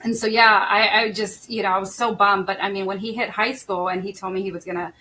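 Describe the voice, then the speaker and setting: A woman's voice: mid-range voice, fairly even intonation, fairly quick, sharp tone, slight background noise. A middle-aged woman hosting a podcast, chatting casually and emotionally, laughing often and using many fillers. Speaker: podcast host. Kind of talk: casual chat.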